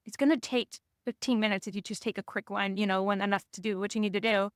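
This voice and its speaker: A woman's voice: mid-range voice, little pitch movement, racing, few pauses, a bit bright, clean tone, dry recording, studio quality. A woman hosting a podcast, talking in a loose, rambling way with many restarts. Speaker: podcast host. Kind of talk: casual conversation.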